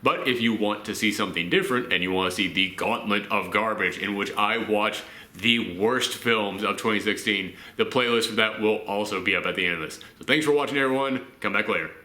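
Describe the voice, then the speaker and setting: A man's voice: lowish voice, fairly quick. A man giving a casual spoken film review, chatty and full of "uh" fillers. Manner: chatty, frequent "uh" fillers, lively asides. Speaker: movie reviewer. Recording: echoey room.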